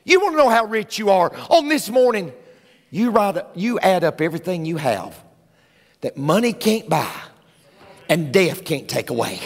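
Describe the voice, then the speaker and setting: Excitable preacher guy, voice jumps all over, big echoey church hall. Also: high-pitched, normal speed, vocal fry. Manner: excitable, swings from quiet asides to loud shouting. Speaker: pastor. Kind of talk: sermon. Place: large church sanctuary. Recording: church hall with long reverb.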